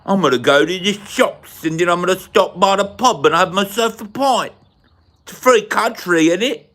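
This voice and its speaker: Man doing a brash London bloke, put-on London accent, raised pitch, swears freely. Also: normal speed, a bit bright. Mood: cocky. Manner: mocking, boastful, swears freely.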